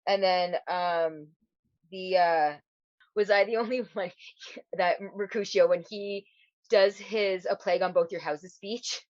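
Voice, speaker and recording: A woman's voice: lowish voice, steady tone, unhurried, a little mellow, no room sound. Laughing, foul-mouthed woman podcaster. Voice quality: swears freely, laughs often. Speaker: podcast co-host. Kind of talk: casual chat. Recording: dull, lo-fi dry sound.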